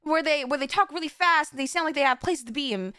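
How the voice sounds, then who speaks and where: Woman streamer, high bright voice, giggly, rambles and trips over her words. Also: quick pace, no echo, clean studio sound. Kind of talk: casual live-stream chat.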